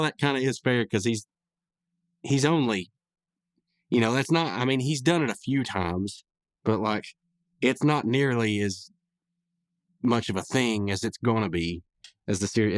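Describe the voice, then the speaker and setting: A man's voice: mid-range voice, no room sound. A male podcast host rambling casually through a recap of a cartoon episode, with lots of restarts. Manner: rambling, with many restarts and fillers.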